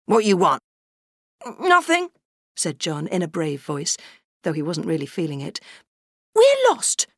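A woman narrating a children's storybook aloud in a lively, expressive way. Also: lowish voice, no echo, studio quality. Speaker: audiobook reader.

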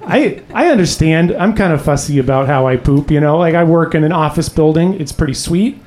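A man's voice: fairly high pitch, lively intonation, brisk, darkish tone, slight background noise. A young adult man doing a stand-up comedy set on a club stage, talking in a loose, rambling, swearing way into a handheld mic. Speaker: stand-up comic.

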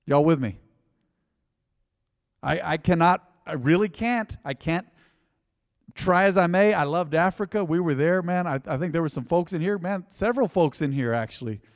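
An American pastor preaches in a large church hall, his voice on the high side, animated, and at a moderate pace. He tells stories conversationally and calls out to the congregation, keeping the crowd engaged.

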